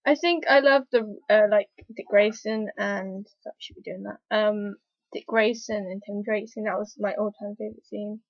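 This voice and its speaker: A woman talking casually in a review vlog, rambling and hesitant with lots of fillers, an excitable fan. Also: medium pitch, moderate pace, no echo. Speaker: TV episode reviewer. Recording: dull lo-fi, dry recording.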